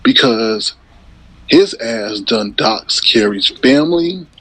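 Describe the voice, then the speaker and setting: A man's voice: mid-range voice, expressive, slow, a bit bright, low-quality recording. A man giving blunt, indignant ranting commentary.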